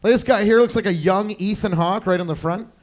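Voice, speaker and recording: Young man, high voice, crude rambling stand-up, club stage mic. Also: a little fast. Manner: crude, rambling, self-mocking, chatty with the crowd. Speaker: stand-up comedian. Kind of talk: stand-up comedy set.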